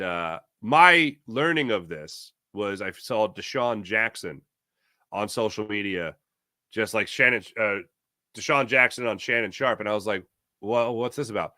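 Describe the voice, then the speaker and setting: A man hosting a sports talk show, reading an ad and the live chat in a jokey, animated way. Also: fairly low pitch, dry recording, clean studio sound. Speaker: podcast host.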